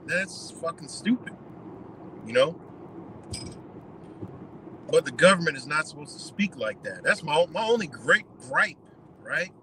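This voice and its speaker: A man's voice: on the high side, expressive, a little slow, pauses often, background noise. A man on a live stream giving blunt, profane commentary, lecturing his audience in a loose, heated rant.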